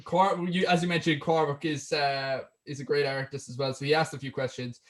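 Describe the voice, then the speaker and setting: A man's voice: a little high, flat delivery, fairly quick. A man hosting a podcast, talking loosely with lots of ums while reading out questions. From Ireland. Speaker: podcast host. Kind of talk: casual interview chat.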